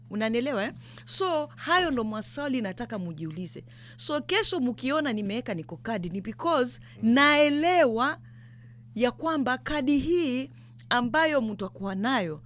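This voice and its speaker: A Kenyan woman from the coast speaking as a political candidate in an interview. She talks emphatically, fires off rhetorical questions and switches between English and Swahili. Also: on the high side. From Kenya, Mombasa. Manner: grows louder and more fired up. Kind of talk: impassioned political interview talk.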